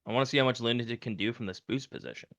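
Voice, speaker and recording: A man commentating an esports match, animated and climbing to shouted calls in clutch moments. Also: medium pitch, very fast, lo-fi sound. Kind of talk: esports color and play-by-play commentary. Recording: game gunfire noise behind. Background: game gunfire and clicks.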